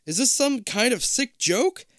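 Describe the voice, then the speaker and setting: A man voicing a panicked young boy protagonist who shouts in alarm. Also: animated, a little slow, no echo, studio quality, heavily acted. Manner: shrill, alarmed.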